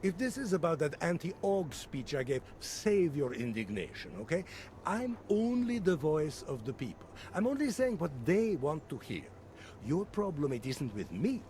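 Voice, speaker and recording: A man's voice: fairly high pitch, very animated, moderate pace, darkish tone, slight background noise. An actor playing a smug, evasive male politician in a video game, defensive and slippery.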